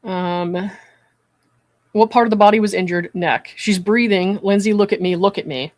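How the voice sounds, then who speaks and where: A psychiatric evaluator hosting a commentary stream, reading a call transcript aloud and then explaining their view in a measured, earnest way. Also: mid-range voice, dry recording. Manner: measured and earnest, often checking in with "right?".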